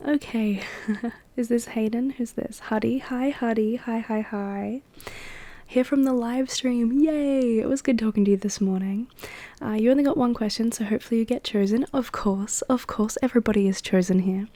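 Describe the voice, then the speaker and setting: A woman hosting a soft-spoken ASMR question-and-answer session, drifting between gentle whispers and quiet talk with light laughs and fillers. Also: fairly high pitch, fairly even intonation, brisk, dry recording. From Australia. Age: adult.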